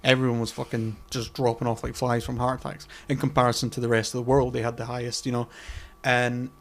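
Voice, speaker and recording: A man in a loose podcast conversation, circling his point through ums, false starts and the odd swear word. His voice sits at an ordinary middle pitch for a man. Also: completely flat delivery, quick pace, a bit bright. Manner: rambling, many fillers and restarts, swears casually. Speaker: podcast co-host. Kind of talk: casual chat.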